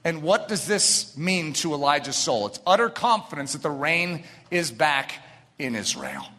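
Impassioned high-voiced male preacher. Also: big pitch swings, measured pace. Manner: impassioned preaching, building to shouts. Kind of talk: sermon. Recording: reverberant hall.

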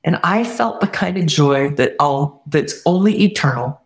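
A woman guest telling a personal story earnestly, often quoting what others said, and reflecting warmly on faith. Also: deep voice, lively intonation, a little slow. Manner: earnest, heartfelt retelling with quoted dialogue; warm spiritual reflection. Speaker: podcast guest.

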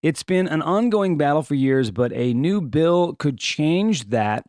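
A man's voice: mid-range voice, vocal fry, darkish tone, dry recording, clean studio sound. A man hosting a podcast, reading odd news stories and adding joking, off-the-cuff asides. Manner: reads odd news items then riffs jokingly. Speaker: podcast host. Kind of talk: casual news commentary.

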